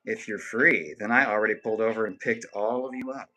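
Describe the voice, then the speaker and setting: A man's voice: lowish voice, fairly quick, sharp tone. Joking, profane male livestreamer. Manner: joking, profane banter with viewers; reads viewer comments aloud. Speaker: live streamer. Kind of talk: casual livestream chat.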